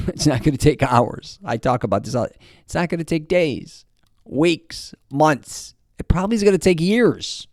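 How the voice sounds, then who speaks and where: This fitness vlogger, a man in his fifties, has a fairly high, expressive and slightly mellow voice and speaks at a normal speed. Talking straight to camera in a casual motivational way, he rambles bluntly, swears a lot and keeps restarting, all in a dry studio-quality recording.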